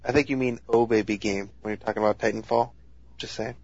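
A man's voice: on the low side, fairly even intonation, fast talker, darkish tone, husky, highs cut off. A man joking and teasing the others on a casual gaming podcast.

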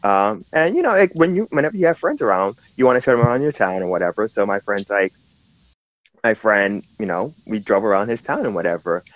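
Rambling man with a lively, up-and-down voice. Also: fairly low pitch, a little fast, dry recording. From New York City. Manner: rambling, many restarts and fillers, laughing storyteller. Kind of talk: casual chat. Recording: slightly dull lo-fi sound.

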